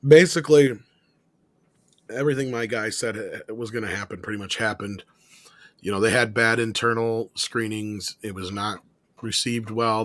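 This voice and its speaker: A man's voice: fairly low pitch, a bit bright, dry recording. A man on a live-stream panel, rambling loosely and hedging through box-office figures with plenty of filler. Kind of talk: casual panel chat.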